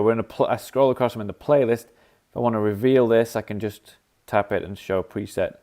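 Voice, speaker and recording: A man's voice: on the low side, darkish tone. A man casually demonstrating a music app on a live stream, thinking aloud and scatting rhythms. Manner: thinks aloud while clicking, scats rhythms as "da da". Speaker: app developer demonstrating features.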